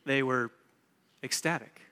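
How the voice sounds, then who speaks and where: A man preaching a sermon, moving from hushed storytelling to loud, emphatic preaching. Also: mid-range voice, measured pace, clear, resonant tone, long reverb tail. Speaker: pastor.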